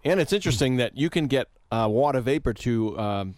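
A man's voice: mid-range voice, animated, brisk, darkish tone, dry recording. A man on a radio show as a guest weather expert, chatty, agreeing often and thinking aloud. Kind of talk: explanatory radio talk.

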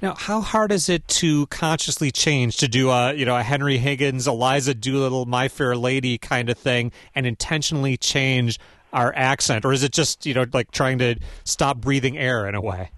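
A man's voice: mid-range voice, normal speed, a bit bright, no echo, studio quality. A man with an Upper Midwest American accent hosting a call-in radio show, conversational and hesitant with fillers. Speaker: radio talk show host. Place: radio studio.

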